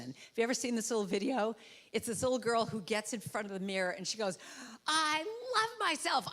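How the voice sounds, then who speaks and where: A woman speaking at a church service, giving a playful inspirational talk and acting out quotes in high, comic voices. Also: fairly bright tone. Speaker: guest speaker and musician. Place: church sanctuary. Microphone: handheld or headset mic with trouble.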